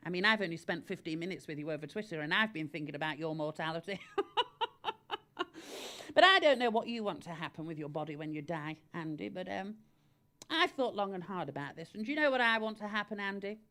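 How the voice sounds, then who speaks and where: A woman, hosting a live-streamed comedy advice show in a camp, deadpan, self-aggrandising way. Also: on the low side. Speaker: comedy host. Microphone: live-stream camera mic.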